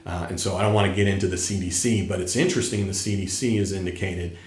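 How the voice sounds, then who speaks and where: A man's voice: low-pitched, fairly even intonation, quick pace, darkish tone, a little hiss or hum. A middle-aged man hosting a tax channel, talking straight to viewers in an emphatic way that repeats his points, while still getting over an illness. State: recovering from illness. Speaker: tax educator and channel host. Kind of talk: casual direct-to-camera talk. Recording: echoey room.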